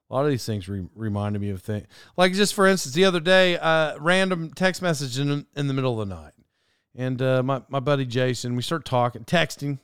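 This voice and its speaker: Middle-aged male podcast host, fairly high smooth voice, dry close sound, rambling casual storyteller. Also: no echo. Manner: rambling, animated, laughs at his own story.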